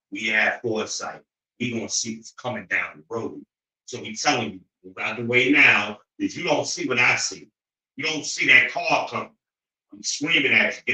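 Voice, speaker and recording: Sharp-voiced man preaching a profane rant. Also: mid-range voice. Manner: preachy, profane and emphatic, rising into loud incredulous rants. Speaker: show host. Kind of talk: opinionated monologue. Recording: roomy echo.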